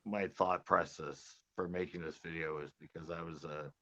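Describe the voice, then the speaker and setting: A man's voice: low voice, normal speed. A man from California hosting a fishing channel, chatting casually on a porch at night and laughing often. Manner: laughs often, relaxed storytelling. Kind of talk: casual chat. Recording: dull lo-fi sound.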